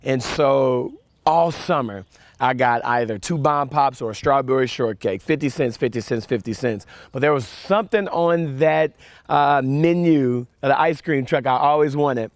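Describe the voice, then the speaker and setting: A man giving a storytelling sermon to young listeners, animated with fillers and repeats, dropping soft and quiet for reflection. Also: mid-range voice, moderate pace, no room sound. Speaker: camp speaker.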